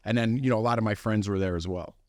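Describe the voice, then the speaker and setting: A man's voice: lowish voice, fast talker, a little mellow, no echo, clean studio sound. A man co-hosting a podcast, talking casually and rambling with lots of fillers. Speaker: podcast co-host. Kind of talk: casual chat.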